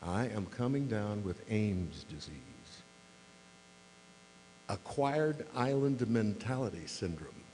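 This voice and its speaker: Speaking slowly into a podium mic, a mayor in his sixties entertains a club with dry, self-deprecating after-dinner humor, his lowish, dark voice full of lively intonation. Long hall reverb and a faint mains hum color the recording.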